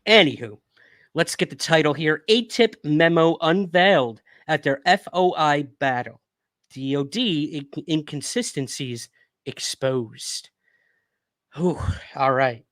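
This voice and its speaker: A young adult man hosts a livestream, chatting casually with viewers and reading news articles aloud while hiccuping a little from whiskey. His voice is on the high side, expressive, slow, and fairly bright, with no echo.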